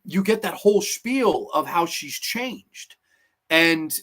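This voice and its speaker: A man giving casual, animated commentary as a horror movie reviewer, swearing freely and acting out scenes in funny voices. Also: on the high side, takes it slowly. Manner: animated, profane, acts out quotes in funny voices.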